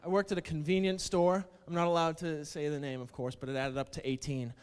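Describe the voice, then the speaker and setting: A man's voice: on the high side, flat delivery, brisk, slight background noise. A male stand-up comedian telling wry, self-mocking stories about old jobs, with stammered starts. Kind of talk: stand-up routine.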